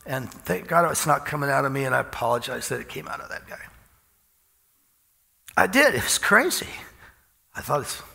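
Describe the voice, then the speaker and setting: Gravelly, bright-voiced man preaching casually. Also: mid-range voice, big pitch swings, moderate pace, pauses often, big-room sound. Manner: folksy storytelling, chuckles often. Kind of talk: informal sermon.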